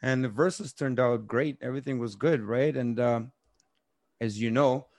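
A man's voice: medium pitch, moderate pace, darkish tone, a little hiss or hum. A man with a Russian accent, a podcast co-host in loose chat who swears freely and keeps tagging his sentences with a questioning "right?". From Eastern Europe. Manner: loose and profane, tags lines with "right?".

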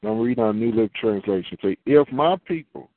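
A man's voice: fairly low pitch, lively intonation, a little fast, dry recording. A man preaching a sermon in a conversational way, asking the listeners questions and answering them himself. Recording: tinny phone-line sound, dry.

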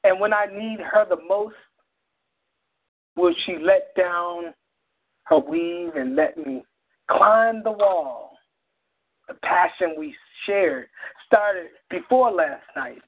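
A man co-hosting a radio show who chats casually, then performs a spoken-word poem with animated, repeated phrases. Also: sits high, slow, vocal fry, pauses often. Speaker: radio co-host and poet. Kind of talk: casual chat and spoken-word poetry reading. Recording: tinny phone-like sound.

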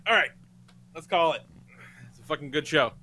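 Man, podcast host, casual chat, swears a lot, excitable, bright voice. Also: on the high side, normal speed, slight background noise. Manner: swears freely, loose and excitable.

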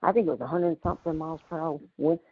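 A woman's voice: low voice, very fast, breathy edge, dry recording. Chatty Southern woman on a muffled call. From Louisiana. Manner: chatty, animated storytelling with frequent laughs. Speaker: community call participant. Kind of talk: casual group call chat. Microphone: remote call audio.

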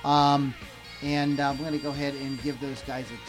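Casual male podcast host, high-pitched, rambling, faint music underneath. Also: normal speed, a bit bright. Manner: rambling, self-interrupting, reads out viewer comments. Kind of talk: casual chat on a live podcast.

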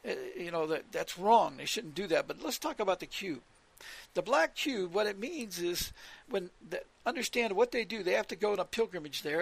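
A man's voice: high voice, expressive, normal speed, gravelly, breathy edge. A man preaching on scripture, repeating his points with emphasis and citing verses as he goes. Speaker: religious radio teacher.

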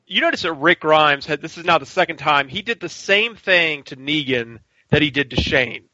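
A man co-hosting a casual podcast chat, talking in an animated way and acting out scenes. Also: fairly high pitch, normal speed, no room sound. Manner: animated, acts out scenes in shouted voices. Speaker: podcast co-host. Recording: dull lo-fi podcast audio.

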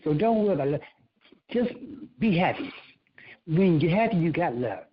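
A man giving a casual motivational rant, preachy and profane, repeating himself, with a husky voice. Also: a little high, very animated, moderate pace, dull audio.

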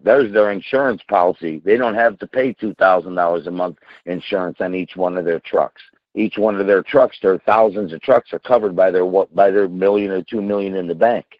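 A man's voice: fairly low pitch, no room sound, muffled recording. A man talking as a trucker in casual chat, blunt and emphatic, often checking with "okay?". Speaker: owner-operator trucker, caller.

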